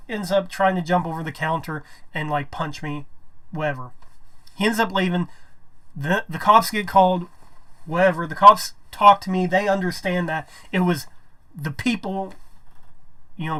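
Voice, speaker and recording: A man's voice: on the high side, sharp tone. A man telling a personal story to camera, rambling, restarting his sentences and swearing when aggrieved. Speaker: vlogger.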